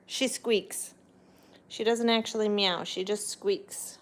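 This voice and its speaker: A woman's voice: steady tone, takes it slowly. A middle-aged woman, chatting casually on a livestream from home and cooing at her pets. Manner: chatty, talks to her pets in a high sing-song voice. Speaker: vlogger. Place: home, indoors.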